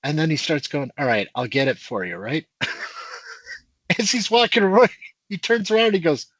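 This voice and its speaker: A middle-aged man with a husky, slightly rough voice spins a long tale for old friends and laughs as he talks. The sound is dry and close, with no room around it. He tells it loosely, like chat at a kitchen table. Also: on the high side, moderate pace, no room sound, poor audio. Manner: animated anecdote teller who laughs through his story. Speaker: podcast guest. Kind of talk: casual storytelling among old friends.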